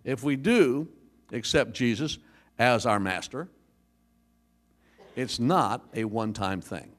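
A man preaching a sermon as pastor, telling jokes and stories in a lively way. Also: mid-range voice, takes it slowly.

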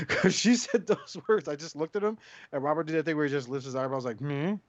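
A man hosting a casual podcast chat, telling stories with a lively, swearing manner. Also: on the high side, brisk, muffled recording. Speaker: podcast host.

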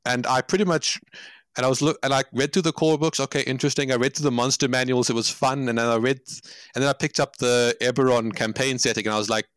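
Guy chatting all excited, laughs a lot, dry sound no room. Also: medium pitch, fast talker, no room sound. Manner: enthusiastic, laughs often while talking. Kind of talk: casual chat.

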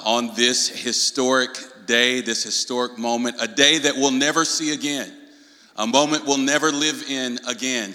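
A man from North Carolina with a Southern accent, preaching to a congregation with call-and-response and the odd shout. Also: medium pitch. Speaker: guest preacher. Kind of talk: preaching talk. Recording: hall reverb.

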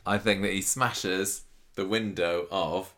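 A woman's voice: very deep voice, slow. A woman co-hosting a podcast, chatting casually and playfully with frequent laughter. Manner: giggly, playful, lively. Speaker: podcast co-host. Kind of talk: casual chat. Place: hotel room. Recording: slightly echoey room.

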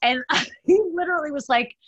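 A woman hosting a casual chat, upbeat and quick to laugh. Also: sits high, a bit bright, no echo, lo-fi sound. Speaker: host.

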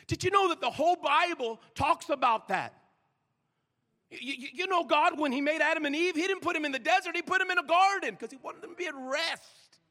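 A male pastor preaching a sermon in a church, swinging from loud shouts down to hushed whispers. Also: extremely high pitch, fairly quick. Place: church sanctuary. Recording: long reverb of a large hall.

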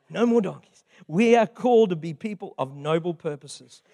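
A man's voice: sits high, animated, moderate pace, gravelly, warm tone. An older man, a grandfather, preaching a sermon in a chatty, conversational way with frequent asides. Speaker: pastor.

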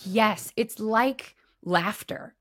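A woman's voice: medium pitch, drawn-out words, a bit bright, no echo, clean studio sound. A middle-aged woman, a former pastor, hosting a podcast in casual conversation and telling stories animatedly with voiced quotes. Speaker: podcast host.

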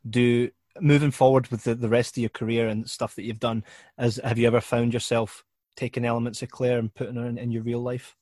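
A man hosting a casual interview over a video call, asking rambling, halting questions in a friendly way. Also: mid-range voice, level tone, a little mellow, no room sound, clean studio sound. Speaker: podcast host.

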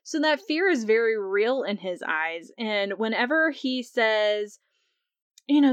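A woman's voice: animated, takes it slowly, smooth, no echo. Chatty young woman recapping an episode. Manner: chatty, laughs often, acts out quotes in a higher voice. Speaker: podcast host.

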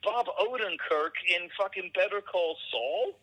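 A man's voice: sits high, lively intonation, measured pace, sharp tone, rough recording. A man talking as a guest in a casual conversation, swearing often and arguing emphatically. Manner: profane, emphatic ranting.

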